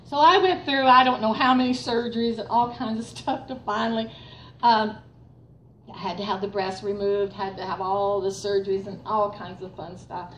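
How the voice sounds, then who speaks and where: An older woman telling a faith testimony to a church group, animated and storytelling. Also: medium pitch, normal speed. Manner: animated storytelling, laughing through excited parts. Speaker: speaker giving a testimony. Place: room with a gathered group. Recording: roomy, distant mic with faint noise.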